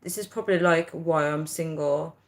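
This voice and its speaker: A woman's voice: sits low, steady tone, normal speed. Chatty woman vlogging. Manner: chatty, laughs often, rants animatedly. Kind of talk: casual chat to viewers.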